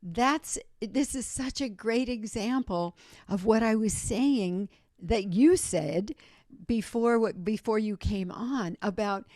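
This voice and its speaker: A woman's voice: medium pitch, takes it slowly, a little mellow, dry recording. A woman hosting a radio interview, encouraging her guest with short responses. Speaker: radio show host.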